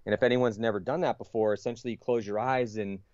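A man's voice: fairly low pitch, fairly even intonation, quick pace, darkish tone, clear, resonant tone, no room sound, highs cut off. A man, a podcast guest, telling a long story in a casual, rambling way, full of fillers, restarts and swearing.

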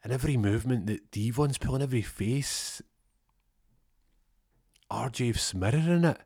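A young man telling a comic story with lively energy, acting out the voices and sound effects. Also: mid-range voice, normal speed, husky, no echo, clean studio sound.

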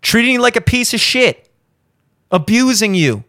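A man's voice: extremely high pitch, sing-song, moderate pace, bright, forceful tone, no echo, clean studio sound. A man hosting a show, ranting bluntly about relationships with heavy swearing and insistent repetition. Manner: insistent, repeats points for emphasis. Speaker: show host. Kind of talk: blunt opinion monologue.

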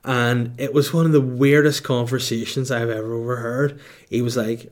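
A man's voice: mid-range voice, steady tone, normal speed. Rambling, laughing man telling a story. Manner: rambling, laughing, swears freely. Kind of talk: comedic storytelling.

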